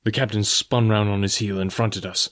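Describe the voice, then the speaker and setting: A man reading an audiobook aloud in measured first-person narration. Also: lowish voice, steady tone, a bit bright. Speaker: audiobook reader.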